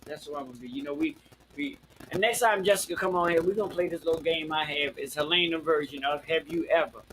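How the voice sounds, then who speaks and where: A man's voice: fairly high pitch, quick pace, fairly bright tone, a little hiss or hum, low-quality recording. Sassy flamboyant man in his fifties. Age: 50s. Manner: sassy, flamboyant, swears freely, calls people girl and honey. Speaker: host. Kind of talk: casual live-stream chat.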